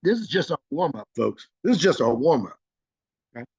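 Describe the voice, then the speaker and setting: A man runs a live online workshop over a computer mic, his slightly high voice carrying a gravelly edge. The sound is dry and close, with no room around it. He talks informally and warmly praises each participant's reply. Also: big pitch swings, a little fast, no room sound, highs cut off. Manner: encouraging, praises participants by name; chatty and informal, frequent fillers. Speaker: trainer leading a webinar. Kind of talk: live online training, reading chat replies aloud.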